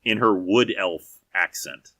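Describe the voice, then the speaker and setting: A man's voice: fairly low pitch, slow pace, pushed and bright, no room sound. A man narrating as game master of a tabletop game, descriptive, with frequent fillers and restarts.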